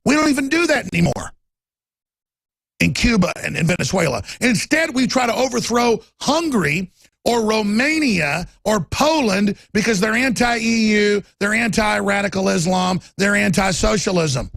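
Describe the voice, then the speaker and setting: This is a male talk show host ranting through a heated political monologue in a high, gravelly, husky voice. His pitch swings wildly and he turns emphatic, even shouting, while the sound stays close and dry. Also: normal speed, no room sound.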